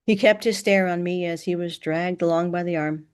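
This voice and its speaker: Low-voiced woman reading a novel. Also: steady tone, moderate pace, smooth. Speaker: audiobook narrator. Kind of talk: first-person novel narration.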